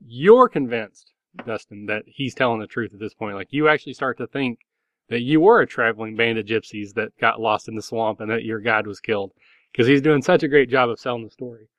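A man's voice: medium pitch, brisk, fairly bright tone, no echo. A man narrating a tabletop game as game master, loose and rambling with many fillers.

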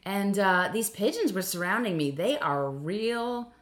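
A woman comedian chatting casually as a guest, telling animated stories and acting out other people's voices. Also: mid-range voice, unhurried. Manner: animated storyteller, acts out voices. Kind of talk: casual chat. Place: home kitchen table. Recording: roomy kitchen sound.

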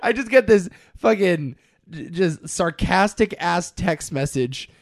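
A man co-hosting a podcast, chatting casually about a film, lively and profane. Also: high-pitched, slow pace, no room sound, clean studio sound. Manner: animated, swearing, lively storytelling. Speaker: podcast co-host. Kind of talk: casual film review chat.

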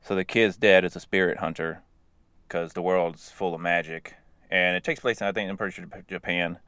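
A man casually recapping animated episodes in a loose, rambling way, chuckling as he goes. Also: low-pitched, fairly quick, clear, resonant tone, dry recording.

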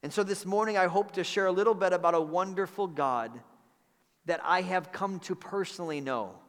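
Man, pastor, earnest conversational sermon, fairly high voice, long hall reverb. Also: fairly quick. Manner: earnest, conversational preaching with repeated phrases. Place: church sanctuary.

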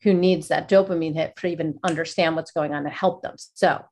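A woman's voice: sits low, steady tone, a little fast, darkish tone. A woman hosting a casual interview, asking long, rambling questions full of fillers. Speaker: podcast host.

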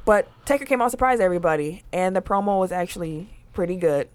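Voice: medium pitch, animated, quick pace, clear, resonant tone. A podcast host in casual chat, steering the topics and laughing often.

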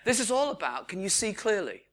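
A man preaching a sermon, retelling the story with lively quoted voices. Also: high-pitched, fairly quick.

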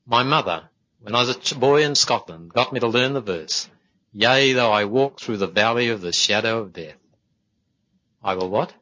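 A man voicing a shy young army lieutenant, speaking in a quiet, low and steady way. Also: normal speed, dull audio. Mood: quiet resolve.

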